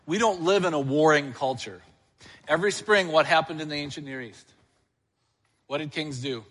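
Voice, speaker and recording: A man's voice: on the high side, moderate pace, a bit bright, in a large hall. A male church elder preaching a sermon, asking the congregation questions and answering them himself.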